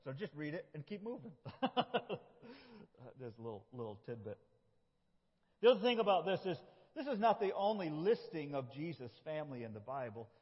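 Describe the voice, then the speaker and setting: A man's voice: a little high, sing-song, normal speed, breathy edge. A middle-aged man from upstate New York, a pastor preaching a folksy, self-deprecating sermon with frequent laughs in a church. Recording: dull lo-fi sound with long hall reverb.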